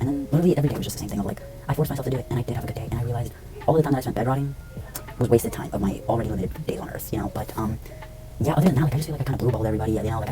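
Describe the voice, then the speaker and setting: A young man vlogging to camera indoors at home, rambling and swearing, with lots of fillers and restarts. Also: lowish voice. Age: young adult. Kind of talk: casual rambling talk to camera.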